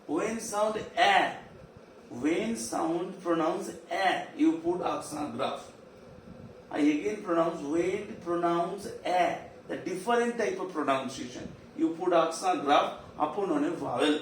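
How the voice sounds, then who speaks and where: A high-voiced man with an Indian English accent leads a virtual class, slowly drilling each term over and over. He sits well away from the mic, so the room rings with echo under a faint hiss. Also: far from the mic. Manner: slow, repetitive drilling of terms. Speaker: teacher.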